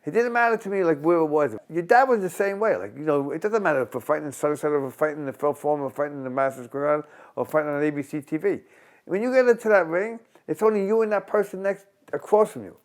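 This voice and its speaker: Brief: New man in his 60s, animated storyteller. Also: a little high, fast talker. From Long Island, New York. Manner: animated, acts out quotes in a raised voice, repeats and restarts. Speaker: former boxer, interviewee. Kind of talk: conversational storytelling.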